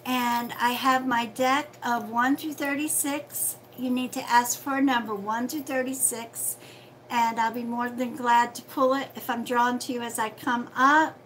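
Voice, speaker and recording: A woman's voice: fairly high pitch, fairly even intonation, measured pace, fairly bright tone, a little hiss or hum, poor audio. A woman hosting a casual livestream as a psychic reader, chatty and friendly, calling viewers sweetheart.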